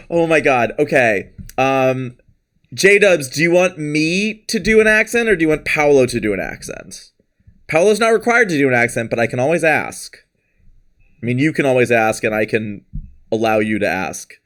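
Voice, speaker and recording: A man hosting a live stream chats and rambles casually, laughing often as he reads out chat names and thanks followers. His mid-range voice has lively intonation, normal speed and a fairly bright tone.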